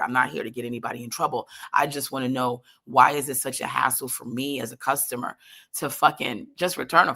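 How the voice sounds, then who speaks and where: Exasperated woman telling a swearing comic story. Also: very deep voice. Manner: animated, exasperated, swears freely.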